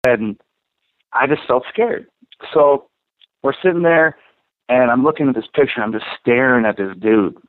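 A man co-hosting a podcast, telling a story in a casual, profane and animated way. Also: medium pitch, unhurried, pauses often, no room sound. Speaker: podcast co-host. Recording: tinny phone-like dry sound.

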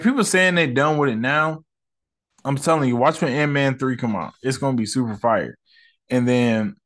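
A young man giving casual reaction commentary, slang-heavy and profane, rambling fast and bursting into loud, animated rants. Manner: loud, profane and animated, swinging into high outbursts. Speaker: online commentator.

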